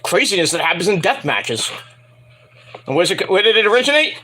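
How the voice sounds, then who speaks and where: A man's voice: sits high, big pitch swings, a little fast, pauses often, pushed and bright. A man reviewing a wrestling show in a casual, profane, rambling and jokey solo commentary.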